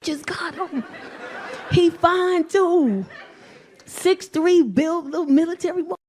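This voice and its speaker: A middle-aged woman doing a loud, brash, profane stand-up set on a comedy club stage, acting out characters in quick voices, with the audience laughing behind her. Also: very high-pitched. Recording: live club recording with faint crowd.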